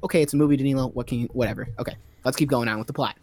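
A man's voice: medium pitch, rapid-fire, darkish tone. A man giving a rambling, sarcastic recap of a movie's plot in a casual comedic style, full of fillers.

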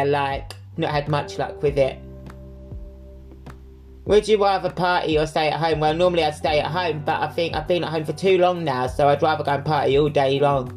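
Male podcast host, candid casual Q&A, lots of fillers, soft music underneath. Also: on the high side. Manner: candid and chatty, with frequent fillers. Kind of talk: casual solo Q&A chat.

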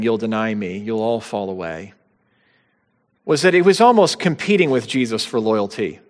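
A man delivering a sermon with earnest, emphatic force. His voice sits at an ordinary middle pitch and carries a long reverb, as if spoken in a large hall. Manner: earnest, emphatic preaching with rising stresses. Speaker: pastor.

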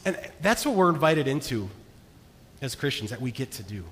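A man preaching a sermon as pastor, earnest, moving between hushed and emphatic delivery. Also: mid-range voice, big pitch swings, normal speed. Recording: long reverb of a large hall.

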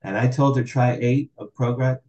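Man, 60s, podcast guest. Animated storyteller, dark mellow tone, echoey room. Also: mid-range voice, moderate pace, muffled recording. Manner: animated, acts out quoted dialogue. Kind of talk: candid storytelling interview.

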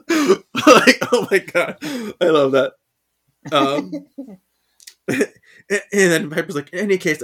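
A woman co-hosts a casual podcast and recaps a comic book issue. She giggles often and slips into quick voices for the characters. Her delivery is loose and chatty. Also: deep voice, fairly bright tone. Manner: giggly, breaks into laughter, acts out quoted lines. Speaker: podcast co-host. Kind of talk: casual recap of a comic, reading lines aloud.

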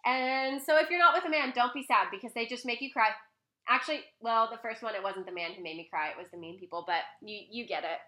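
A young woman vlogger telling a personal story in a casual, chatty way at home, full of fillers and animated quoting. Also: fairly high pitch, fast, roomy sound. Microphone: laptop mic, close.

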